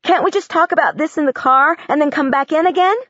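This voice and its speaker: A woman's voice: high-pitched, quick pace, fairly bright tone, no echo, lo-fi sound, pitched above the performer's own voice. A woman voicing an intense, literal-minded young girl who talks urgently and bluntly.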